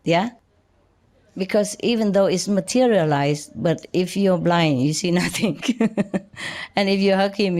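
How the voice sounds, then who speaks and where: An older woman giving an informal spiritual talk in simple, halting English, chatty and often laughing. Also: on the low side, a little mellow. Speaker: spiritual teacher.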